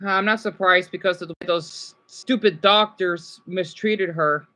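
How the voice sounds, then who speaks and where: A woman livestreaming, reacting to videos and chat, swinging between furious rants and quiet apologies. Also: lowish voice, fairly even intonation, unhurried.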